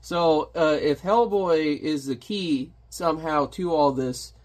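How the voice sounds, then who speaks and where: A man's voice: fairly high pitch, takes it slowly. A man giving a casual comic review, narrating panels animatedly and throwing in sound effects.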